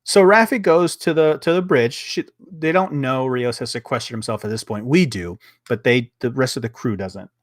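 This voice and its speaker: A man chats loosely as he recaps a TV episode, his voice sitting at an ordinary middle pitch. He rambles with plenty of fillers and restarts and swears without a second thought. The sound is close and dry, with no room around it. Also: moderate pace, few pauses, dry recording. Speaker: podcast host reviewing a TV episode. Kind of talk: casual review chat.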